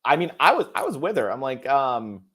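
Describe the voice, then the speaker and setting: Expressive man hosting a chatty podcast. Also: mid-range voice, a little fast, slightly rough. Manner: expressive, laughing, emphatic. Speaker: podcast host. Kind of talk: casual chat.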